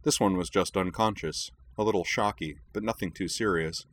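A man narrating fiction in a steady, even storytelling manner. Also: low voice, normal speed, a little hiss or hum. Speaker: audiobook narrator.

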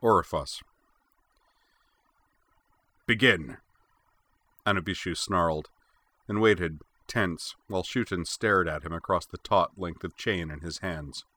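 A man narrating a fantasy novel as an audiobook reader, steady and clear. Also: low voice, moderate pace, no echo. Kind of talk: scripted narration.

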